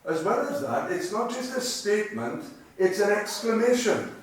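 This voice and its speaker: A man preaching in a chapel, his voice sitting a little high and carrying with heavy echo from a distant mic. He talks conversationally but with emphasis, repeating phrases and asking rhetorical questions over a faint hiss. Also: lively intonation, normal speed. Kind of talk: sermon. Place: cemetery chapel.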